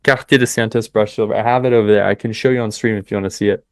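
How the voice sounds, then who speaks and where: A young man hosting a live trading stream, chatting with viewers and cheering the market on in excited bursts. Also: on the low side, racing, dry recording, clean studio sound. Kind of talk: live trading commentary with chat.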